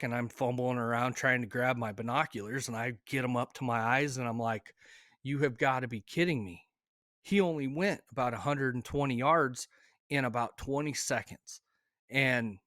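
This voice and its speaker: A man casually telling a hunting story, emotional and halting, with many fillers and restarts. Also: medium pitch, a bit bright, no echo, clean studio sound. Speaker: hunter telling his story.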